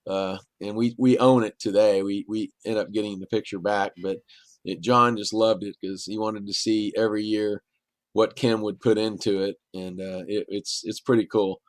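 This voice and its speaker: A man's voice: lowish voice, little pitch movement, normal speed, no echo. Middle-aged man telling yarns, dry and close. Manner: rambling anecdotal telling with quoted dialogue. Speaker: guest. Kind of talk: casual storytelling.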